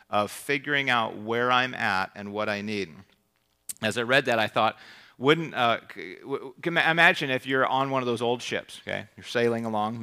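A man's voice: mid-range voice, vocal fry, bright, forceful tone, clean tone. A man preaching a sermon in a conversational, rambling way, full of restarts and rhetorical questions.

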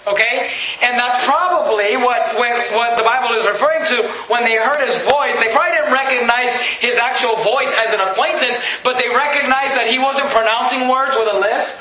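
A pastor teaching a sermon like a Bible study, reading scripture aloud and restating it casually with frequent check-ins. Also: male voice, extremely high pitch, pushed and bright. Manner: reads scripture aloud, then restates it conversationally with frequent "okay?". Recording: echoey room, faint background noise.

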